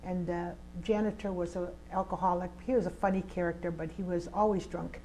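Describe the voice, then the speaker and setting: An older woman, a community organizer, tells a personal story in an interview, acting out scenes with vivid, emphatic delivery. Her voice is on the low side, mellow and brisk, with fairly even intonation. The recording is rough, with slight background noise.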